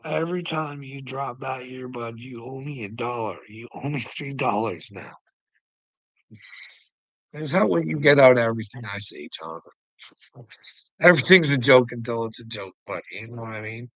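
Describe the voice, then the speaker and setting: A man's voice: medium pitch, normal speed, creaky, a bit bright, dry recording, poor audio. A man hosting a casual livestream, ranting profanely and rambling, laughing often as he talks. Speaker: livestream host.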